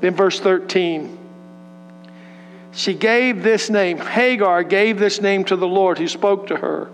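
A man with a high voice preaches at an unhurried, deliberate pace, leaning on repeated phrases to drive each point home. His earnest sermon rings out with a long hall reverb, and a faint mains hum sits underneath. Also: a bit bright. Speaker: pastor.

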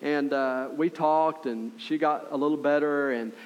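A middle-aged male pastor preaching a sermon in a conversational, earnest way, often checking in with listeners with quick asides. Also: a little high, fairly even intonation, clear, resonant tone, lo-fi sound.

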